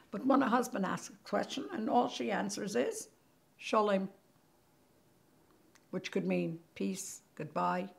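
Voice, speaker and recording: A woman hosting and teaching a Torah class, telling the story with animated energy and sometimes dropping to a near-whisper for emphasis. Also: mid-range voice, gravelly.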